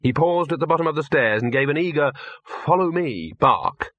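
A man narrating an audiobook in a wry, even storytelling manner. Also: a little high, quick pace, dull audio. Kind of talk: scripted narration.

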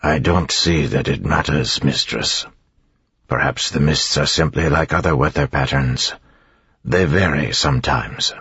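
A man with a husky voice voicing a formal, obedient shapeshifter in the form of a wolfhound, speaking in a muffled way. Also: very deep voice, unhurried, a bit bright, dry recording, exaggerated voice. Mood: stiffly formal.

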